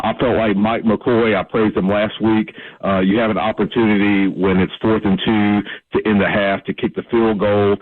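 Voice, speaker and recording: A man's voice: on the low side, dry recording. A man calling in to a sports radio show, talking football in an emphatic, coaching way and saying "man" often. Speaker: caller. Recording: tinny phone line.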